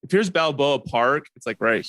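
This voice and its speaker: A man's voice: medium pitch, expressive, moderate pace, bright, forceful tone, no echo. A man hosting a podcast, telling a long personal story in a casual, rambling way, packed with fillers and asides. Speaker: podcast host.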